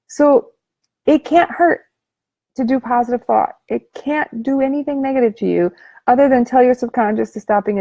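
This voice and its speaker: Casual joking woman with a gravelly voice. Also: on the high side, dark tone, no room sound. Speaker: life coach. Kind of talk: motivational talk to camera.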